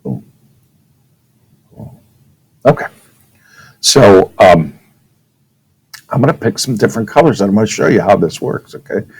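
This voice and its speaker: Slow, low-voiced male teacher. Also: animated, a little mellow, husky, rough recording. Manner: casual, checks in with "okay?", demonstrates with his own voice. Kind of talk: classroom physics lecture.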